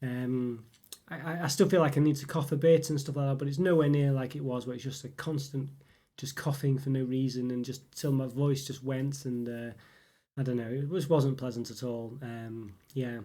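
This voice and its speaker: A man hosting his channel, chatting casually in a rambling way with many fillers, his voice still a little rough from a cold. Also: mid-range voice, fairly even intonation, normal speed, dark tone. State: lingering cough, voice still rough. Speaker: channel host. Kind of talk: casual update chat.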